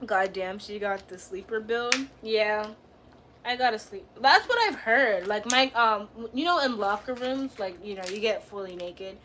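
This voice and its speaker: A woman's voice: medium pitch, moderate pace, fairly bright tone, slight background noise. A young woman livestreaming, chatting casually in slang, teasing and trash-talking her chat.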